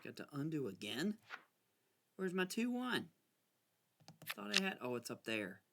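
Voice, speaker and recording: A man casually talking himself through a card game, anxious and excitable, arguing with himself as he plays. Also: on the high side, measured pace, vocal fry, noisy background. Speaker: gameplay video creator. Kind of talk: casual talk over a solitaire game.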